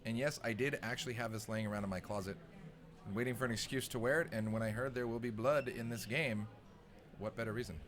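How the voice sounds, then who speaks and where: A young man calls a live poker stream in a jokey, playful way. His voice sits at an ordinary middle pitch and now and then jumps into loud, excited bursts. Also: fast talker. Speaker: poker commentator.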